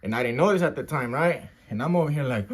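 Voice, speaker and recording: A man's voice: medium pitch, expressive, fast talker, slightly rough. A man telling a story casually in street slang, often tagging "right?" and "bro", and acting out sounds and gasps as he goes. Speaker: storyteller recounting his youth custody experience.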